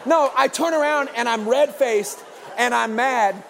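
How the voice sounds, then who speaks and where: A man preaching a sermon as comic storytelling, animated and breaking into shouted bursts. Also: extremely high pitch, unhurried, vocal fry, some chatter behind, a little hiss or hum. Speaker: pastor. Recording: long hall reverb.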